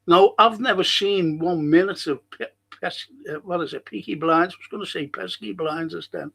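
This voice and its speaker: A man's voice: sits high, moderate pace, vocal fry, fairly bright tone, breathy edge. A man hosting a live stream, reading out chat comments and telling rambling stories. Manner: rambling, chatty storytelling with restarts. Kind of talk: casual chat.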